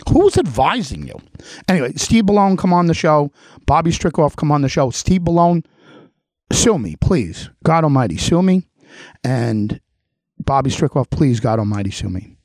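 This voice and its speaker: Speaking at a moderate pace, this show host has a fairly high, animated, slightly mellow voice captured in a studio with no room sound. His heated political monologue hammers an absent official with repeated rhetorical questions and challenges.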